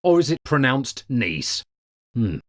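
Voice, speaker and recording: Deadpan British comedy narrator, middle-aged man, slow and dry with a lively pitch. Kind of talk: deadpan comic monologue.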